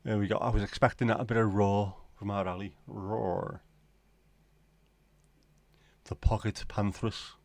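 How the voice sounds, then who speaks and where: A middle-aged man from the UK chats loosely through a late-night livestream, musing to himself and his viewers with a wry, offhand manner. His voice sits on the low side, and the sound is dry and close with little room around it. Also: level tone, fast talker, few pauses, dry recording. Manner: rambling, wry, talks to himself. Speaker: livestream host.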